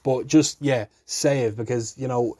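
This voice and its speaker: A man's voice: medium pitch, fairly even intonation, a little slow, dark tone, dry recording, studio quality. A young man hosting a solo podcast, rambling casually with jokes and swearing. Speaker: podcast host.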